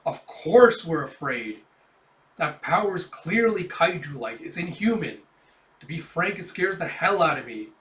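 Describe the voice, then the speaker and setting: A man's voice: a little high, expressive, measured pace, a bit bright. Man reading as a frank young soldier, blunt, roomy distant sound.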